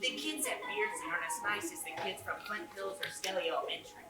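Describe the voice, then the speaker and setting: A woman's voice: mid-range voice, very animated, fast, music in the background, natural voice. A woman acting a nervous, eager schoolboy sidekick on stage who stammers and hesitates. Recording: echoey hall from far off, faint noise.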